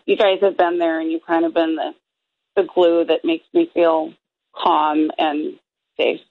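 Female caller, phone-line sound, lowish, slow, hesitant, just-woke-up voice. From California. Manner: hesitant, grateful, many ums. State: morning voice.

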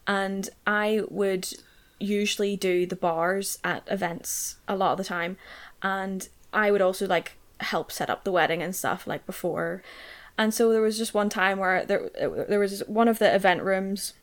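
Young woman, casual podcast co-host, medium pitch, sweary, rambling storyteller. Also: fairly even intonation, unhurried. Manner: chatty storyteller, lots of "like", sweary, bursts into high laughter. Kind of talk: casual chat.

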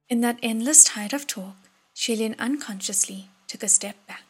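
Breathy, husky woman reading an audiobook. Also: a little high, normal speed. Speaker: audiobook narrator. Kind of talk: audiobook narration.

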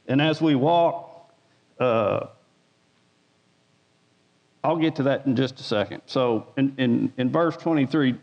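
A man giving an informal sermon as a lay preacher, folksy, repeating words and asking the room for an amen. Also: mid-range voice. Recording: dull sound with long hall reverb.

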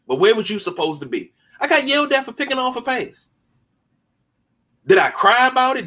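A man talks sports on his podcast, animated and mocking, tripping over repeated words as he gets going. His voice sits a little high with a bright, forceful edge. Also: fast. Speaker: podcast host. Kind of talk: casual sports talk.

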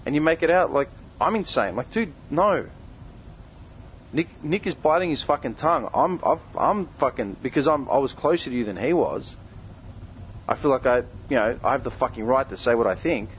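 A man's voice: mid-range voice, expressive, moderate pace, a little hiss or hum, rough recording. Angry, swearing man ranting. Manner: heated, heavy swearing, confrontational. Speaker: podcast co-host. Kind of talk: angry direct-address rant.

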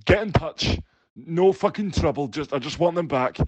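A man playing a gruff, exasperated character who swears through a lost-glasses appeal. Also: a little high, expressive, normal speed, dry recording.

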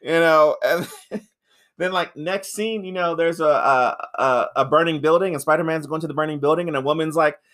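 A man co-hosts a podcast, reviewing a film in loose, rambling, profane banter. He laughs a lot and voices characters in high-pitched impressions, speaking at normal speed with a slightly bright tone.

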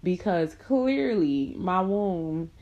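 Animated young woman telling a blunt storytime. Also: extremely slow, muffled recording. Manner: animated, swings into high mocking voices for quotes; slangy and blunt, laughs between lines. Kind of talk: casual storytime monologue.

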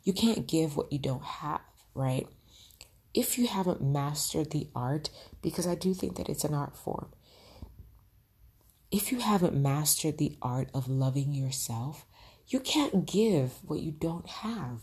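Low, husky woman giving heartfelt advice. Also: lively intonation, measured pace, darkish tone. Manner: earnest, addresses listeners directly with frequent "right?". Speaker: podcast host. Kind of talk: motivational advice talk.

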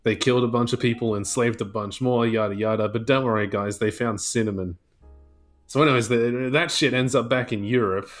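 A man's voice: medium pitch, steady tone, brisk. A man co-hosting a casual podcast over a video call, ranting through a joking history lesson full of swearing. His voice sits in a middle register, and faint music plays underneath. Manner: profane, rambling joking history rant. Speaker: podcast co-host. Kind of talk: casual chat, comic storytelling.

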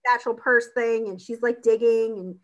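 A woman's voice: fairly high pitch, steady tone, normal speed, muffled recording. A woman in casual chat, animatedly retelling a film scene and acting out the characters' lines.

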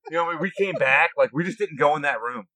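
A young man telling profane, animated stories in a casual chat. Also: a little high, fast, dry recording, poor audio. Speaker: podcast co-host, navy veteran.

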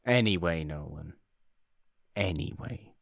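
A man with a lowish voice co-hosts a casual film podcast. He talks slowly and drawls, with a wry, playful edge. The sound is dry and close, with almost no room in it. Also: expressive, no room sound. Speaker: podcast co-host.

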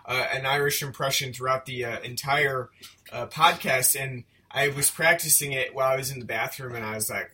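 A man's voice: mid-range voice, a little fast. A man co-hosting a casual film review podcast, rambling and joking at his own expense. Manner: rambling, self-deprecating, lively. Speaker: podcast co-host.

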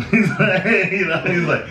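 A young Canadian man with a high, animated, pushed and bright voice tells casual, rambling stories at an unhurried pace. Laid-back, he swears, laughs often and leans on fillers like "like" and "man". The recording is noisy and echoey, with the mic at a distance.

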